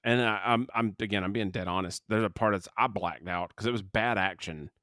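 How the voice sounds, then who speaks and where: Low-voiced rambling man reviewing a movie. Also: fairly quick, pushed and bright, no echo, studio quality. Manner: rambling, restarts sentences, laughs often. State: has the hiccups. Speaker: podcast co-host. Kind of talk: casual movie review chat.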